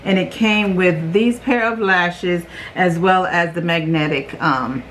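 A chatty woman vlogger talks loudly through a makeup review, rambling and checking in with "okay?" after each point. Her voice sits on the lower side, and a faint hum of room noise runs behind her. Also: slow. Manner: loud, self-aware about yelling. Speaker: beauty vlogger host. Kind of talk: casual chatty product review.

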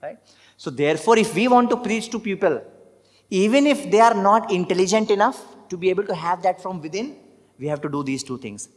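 A man's voice: high-pitched, animated, fairly quick, in a large hall. A man with an Indian English accent giving a scripture class sermon, emphatic and often putting questions to the audience. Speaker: preacher. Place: temple hall.

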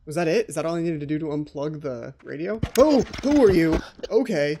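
A man's voice: a little high, animated, brisk, mellow, slight background noise. A man giving horror game let's play commentary as the channel host, jumpy and anxious, often repeating his pleas.

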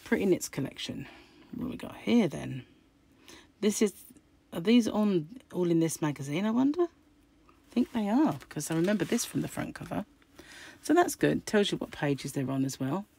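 Croaky middle-aged craft host, deep gravelly voice, chatty and musing. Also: female voice, big pitch swings, moderate pace, dark tone, a little hiss or hum. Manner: chatty, musing aloud while flicking through pages. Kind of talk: casual magazine unboxing chat.

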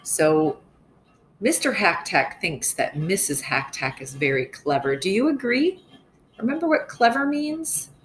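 A woman's voice: mid-range voice, a little hiss or hum. A woman teacher reading a storybook aloud for young children, stopping to ask them questions. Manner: slow, expressive, quizzing young listeners. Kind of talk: read-aloud storybook lesson.

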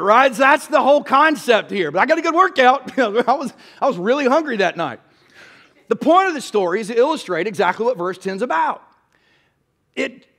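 A man's voice: very high voice, fairly bright tone. A male pastor, preaching a sermon in a church in a folksy, storytelling way and asking the crowd "y'all".

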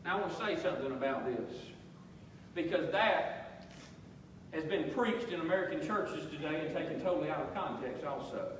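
Male pastor, high-pitched, preaching with call-and-response in a booming, reverberant sanctuary. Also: animated, normal speed, a little hiss or hum. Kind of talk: sermon. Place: church sanctuary. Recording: echoey church hall, voice from far off.

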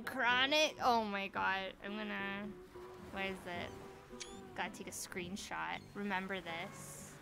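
A young woman streaming from home, chatting casually over gameplay, excitable and swearing freely. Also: mid-range voice, gravelly. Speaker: live streamer. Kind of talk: casual live gameplay commentary.

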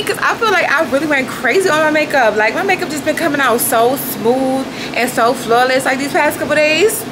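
A young woman vlogging casually to a phone camera in a room, chatty and animated, addressing viewers constantly with a hum from an air conditioner behind her. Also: high-pitched, quick pace, hardly any pauses. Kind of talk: casual vlog chat to camera.

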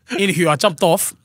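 High, husky New man telling stories. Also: no echo, studio quality. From New Zealand. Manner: animated, slangy, laughs often. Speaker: podcast guest. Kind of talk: casual storytelling chat. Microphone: studio podcast mic.

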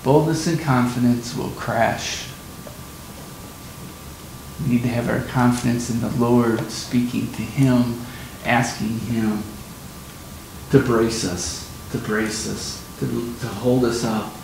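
A man's voice: fairly even intonation, slow pace, gravelly, a little mellow. A man preaching a sermon on scripture, explaining emphatically and repeating his key points. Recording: very echoey room, faint rumble.

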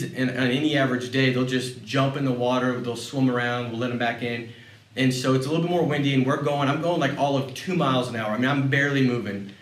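A man giving a motivational sales talk, telling personal stories in a lively way and often repeating words as he goes. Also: mid-range voice. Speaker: sales leader speaking on a panel. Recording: roomy sound, mic at a distance.

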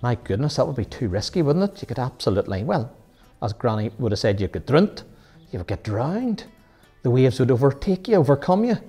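Man doing a sunday school bible talk, mellow voice, keeps asking "don't we all", faint music behind. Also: mid-range voice, big pitch swings, fairly quick, slightly rough. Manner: earnest, asks many rhetorical questions. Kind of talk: children's Bible lesson.

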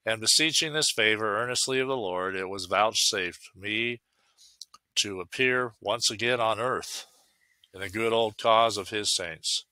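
A grave, aged Puritan champion delivers his rebukes in commanding, old-fashioned speech, as a man reading the story plays him. The voice is lowish and keen-edged. It is recorded close and dry. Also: measured pace, bright, forceful tone, no room sound. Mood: solemn.

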